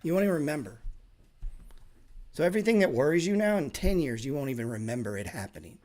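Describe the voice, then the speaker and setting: A man's voice: fairly high pitch, expressive, fast talker, darkish tone. A man teaching a live class on trading, talking bluntly and emphatically with lots of swearing and sarcastic asides. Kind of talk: casual live class talk.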